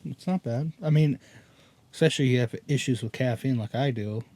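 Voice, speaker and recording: A man's voice: mid-range voice, brisk, darkish tone. A young man co-hosting a podcast, chatting casually and animatedly, laughing often, from an ice fishing shelter. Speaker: podcast co-host. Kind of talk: casual chat.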